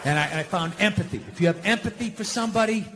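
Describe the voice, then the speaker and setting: A man doing profane, exasperated stand-up comedy, ranting and acting out shouted confrontations. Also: high-pitched, quick pace, noisy background. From United States.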